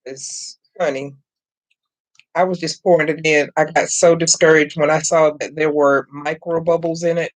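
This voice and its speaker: Speaking at normal speed with a low pitch and fairly even intonation, a middle-aged woman hosts her craft channel's live stream. She chats away while working, greeting chat by name and calling everyone "y'all."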